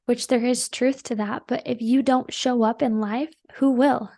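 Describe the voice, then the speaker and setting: A woman's voice: on the high side, steady tone, unhurried, few pauses, mellow, no room sound, clean studio sound. A woman hosting a podcast, telling a personal story in a chatty, earnest and emotional way, full of "like" fillers. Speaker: podcast host.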